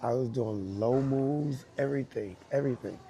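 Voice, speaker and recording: A man with a New York accent, speaking to young dancers and telling animated stories with repeated emphasis and acted-out quotes. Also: mid-range voice, normal speed, slight background noise. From United States. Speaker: guest dancer speaking to students. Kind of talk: casual storytelling talk.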